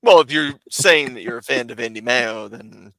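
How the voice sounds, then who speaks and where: A man jokes around in casual banter, tossing out goofy ideas. His voice is gravelly with fry. It also sounds bright and tense. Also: normal speed, dry recording. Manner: jokey, pitching bits.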